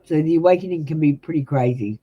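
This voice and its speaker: A woman's voice: low voice, fast talker, breathy edge, narrow, tinny audio. An Australian woman reading tarot cards on a live stream, chatting bluntly and casually with viewers in a practiced announcer-style delivery. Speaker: tarot reader.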